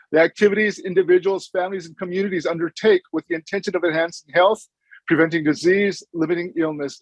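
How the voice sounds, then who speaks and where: A man's voice: a little high, no room sound, poor audio. A middle-aged man, a social worker, giving an earnest, informal conference presentation with stories and frequent restarts.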